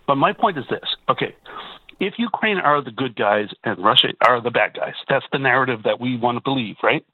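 A man from Canada phones in to a radio talk show, heard through a telephone on a tinny line. His medium-pitched voice is expressive, fairly quick and slightly rough, with no room sound. He makes his points emphatically, repeating words and adding rhetorical asides.

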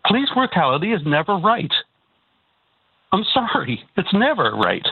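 A man's voice: high voice, wildly swooping pitch, normal speed, husky, no room sound. A man calling in to a radio show, agitated and stumbling over restarts as he talks. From Canada. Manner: agitated, repetitive, stammering restarts. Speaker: caller. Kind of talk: call-in radio talk. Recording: tinny phone line.

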